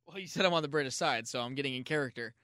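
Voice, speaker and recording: Bright-voiced American man joking around. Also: medium pitch, no echo, clean studio sound. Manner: rambling, jokey, quick to riff. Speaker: podcast co-host. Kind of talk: casual comedic chat.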